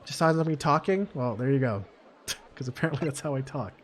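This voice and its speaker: A man's voice: mid-range voice, lively intonation, brisk, slight background noise. A man streaming a game, chatting casually with a self-mocking tone and frequent swearing. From Canada. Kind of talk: gameplay commentary.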